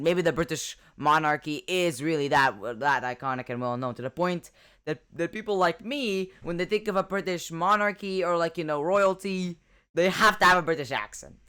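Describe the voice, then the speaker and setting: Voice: medium pitch, sharp tone, smooth. A reaction video host giving casual commentary, rambling with many fillers and corrections.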